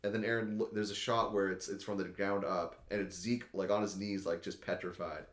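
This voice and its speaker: A man chatting casually as a podcast host, rambling and excitable, leaning on "like" and swearing a lot. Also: deep voice, fairly quick. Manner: rambling and excitable, heavy use of "like", swears often. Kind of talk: casual chat recapping an anime episode. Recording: echoey room.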